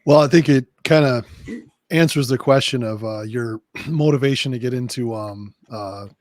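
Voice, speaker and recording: A man co-hosting a podcast, asking a question hesitantly, with fillers and throat clearing. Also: mid-range voice, normal speed, a little mellow, no room sound. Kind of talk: casual interview questions.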